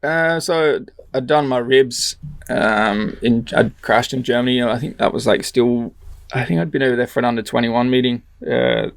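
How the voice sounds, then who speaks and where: A young man from Australia, a speedway rider answering interview questions casually, halting with many fillers. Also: mid-range voice, creaky, dry recording. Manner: halting, lots of ums and likes.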